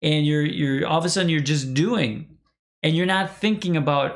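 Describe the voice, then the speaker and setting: A man's voice: fairly high pitch, animated, normal speed. A man hosting a live show, talking casually and rambling with frequent restarts, speaking straight to his viewers. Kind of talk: casual live-stream talk.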